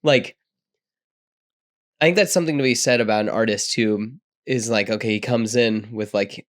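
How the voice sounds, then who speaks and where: A man co-hosting a podcast, chatting casually and enthusiastically about a film, quick to agree and to chime in. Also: lowish voice. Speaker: podcast co-host.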